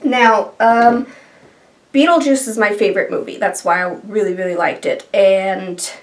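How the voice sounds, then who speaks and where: A woman talking in a heartfelt, halting way in a casual vlog, with many fillers. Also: medium pitch, steady tone, recorded from a distance. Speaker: beauty YouTuber.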